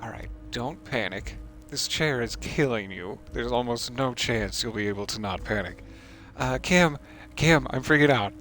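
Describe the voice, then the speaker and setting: A man's voice: mid-range voice, animated, normal speed, fairly bright tone, soft background music. A man streaming a game, joking and reading the hero's lines aloud, slipping into mock panic. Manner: jokey, reads dialogue aloud, swings into mock panic. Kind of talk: casual gameplay commentary.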